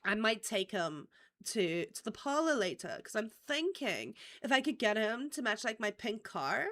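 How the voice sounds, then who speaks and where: A woman's voice: on the high side, very animated, moderate pace, fairly bright tone. A woman with a nasal cold voicing a ditzy, materialistic young woman with an airheaded, "like"-filled drawl. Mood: airheaded, breezy. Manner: airheaded, lots of "like", valley-girl drawl. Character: ditzy materialistic young woman, gold-digger girly type. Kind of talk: mocking improvised character bit on a livestream.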